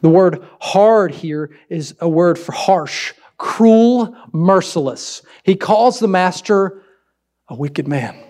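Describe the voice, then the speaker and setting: A man preaching a sermon as pastor, swinging between loud emphasis and quiet asides. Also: sits high, lively intonation, slow pace.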